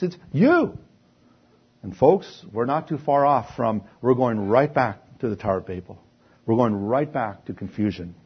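A man's voice: mid-range voice, breathy edge, dull audio. A man from Canada preaching a sermon to his congregation, slipping into sarcastic mock voices and building to emphatic peaks. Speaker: pastor.

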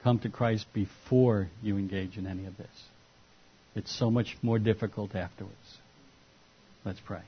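A man's voice: lowish voice, fairly even intonation, moderate pace, breathy edge, muffled recording. A man preaching a sermon to his congregation and closing in prayer, earnest and pleading, his voice rising and dropping. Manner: earnest, pleading, wide swings in loudness. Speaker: pastor. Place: church.

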